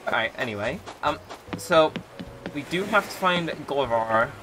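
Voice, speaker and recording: A man hosting a casual let's play, rambling through his plans with many pauses and fillers. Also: on the high side, background noise. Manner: rambling, relaxed, lots of ums and likes. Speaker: gaming channel host.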